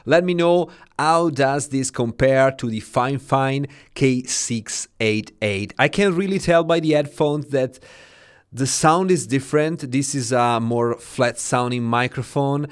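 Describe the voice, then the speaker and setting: A man's voice: medium pitch, a little slow, smooth. A man with an Italian accent giving a casual, chatty review of microphones, full of fillers. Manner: chatty, informal, frequent fillers. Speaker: tech reviewer. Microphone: studio microphones being tested.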